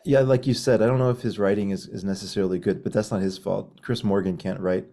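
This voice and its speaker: A man co-hosting a film podcast, speaking in a casual, halting way with plenty of ums and restarts. His voice sits low and sounds warm and mellow. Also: steady tone. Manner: hesitant, lots of ums and restarts.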